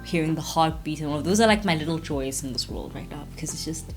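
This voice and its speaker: A woman's voice: sits low, quick pace, faint music behind. A young woman chatting casually in a vlog, telling her story with lots of fillers and acting out what people said. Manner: animated storytelling, many fillers, acts out quotes. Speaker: vlogger, expectant mother. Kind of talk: casual chat.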